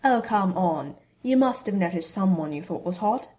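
A woman's voice: mid-range voice, expressive, normal speed, mellow, lightly acted. Woman reader doing a blunt, scheming schoolboy wizard; brash and teasing. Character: scheming teenage boy wizard, cheeky and blunt.

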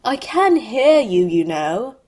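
A woman's voice: mid-range voice, expressive, unhurried. A woman voicing a haughty, sneering young male wizard who talks in a snappish, disdainful way. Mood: irritated.

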